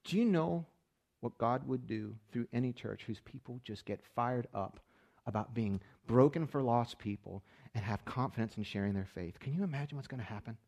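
A middle-aged man preaching a sermon, fast-talking and emphatic, swinging from loud bursts to hushed stretches. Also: medium pitch, vocal fry. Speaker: pastor.

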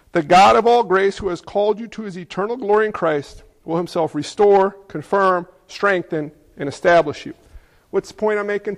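A middle-aged man preaching a sermon in an animated, conversational way, with frequent asides to the congregation. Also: sits high, creaky, in a large hall. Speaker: pastor.

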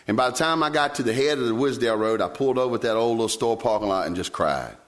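Man preaching in animated storytelling. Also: fast. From Virginia, US. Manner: animated storytelling, sudden leaps in pitch when quoting himself. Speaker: pastor. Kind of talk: sermon.

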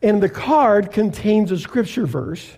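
An older man from Canada, a pastor preaching a sermon in a slow, deliberate way with emphatic pauses. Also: high voice, animated, vocal fry, mellow, slightly rough.

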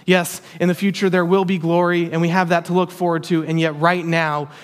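Male preacher, emphatic sermon, earnest, repeats phrases, higher voice, church hall echo. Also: flat delivery, brisk, clear, resonant tone. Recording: long hall reverb.

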